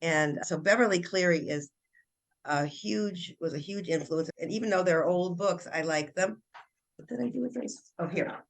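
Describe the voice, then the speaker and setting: A woman's voice: lowish voice, moderate pace, gravelly. Older woman animatedly retelling her book. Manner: animated storytelling, many restarts. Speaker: children's author and guest. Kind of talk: casual interview chat.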